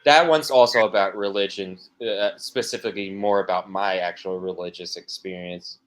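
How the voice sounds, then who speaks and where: A man's voice: sits low, fairly even intonation, normal speed, fairly bright tone. A man, a musician guest on a podcast, talking casually and rambling through stories with many restarts and fillers.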